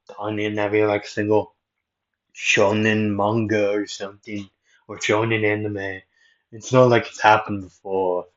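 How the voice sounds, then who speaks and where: A man with a fairly low voice narrates a fan-made anime story in a casual, rambling way. He keeps breaking off for self-mocking asides. The recording sounds dull and lo-fi.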